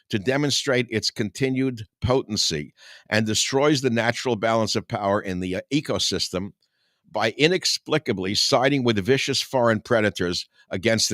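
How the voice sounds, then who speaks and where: A man's voice: lowish voice, normal speed, a bit bright, dry recording, studio quality. An older man, a talk host, reading his own satirical writing aloud with combative, sarcastic asides and chuckles.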